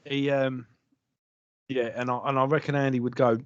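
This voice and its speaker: A man chatting on a podcast, his voice sitting in the middle range and recorded close and dry with no room sound. He tells stories with lively emphasis and swears casually. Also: medium pitch, moderate pace, no room sound, dull audio. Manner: sweary, animated storytelling. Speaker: podcast co-host. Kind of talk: casual chat.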